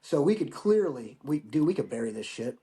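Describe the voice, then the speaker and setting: A man in his forties with an American accent, a Marine veteran telling stories as a podcast guest in a relaxed, profane way, often repeating words as he starts a phrase. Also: medium pitch, a little fast. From United States. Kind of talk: casual storytelling.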